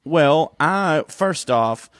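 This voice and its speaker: A man's voice: a little high, animated, very slow, fairly bright tone, no echo. Rambling man, dry sound. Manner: rambling storyteller, swears freely. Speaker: podcast co-host. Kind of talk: casual chat.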